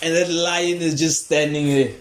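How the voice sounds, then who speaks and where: A man's voice: fairly high pitch, steady tone, moderate pace. A man hosting a comedy podcast, telling a rambling, profane story and laughing often. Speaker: podcast host.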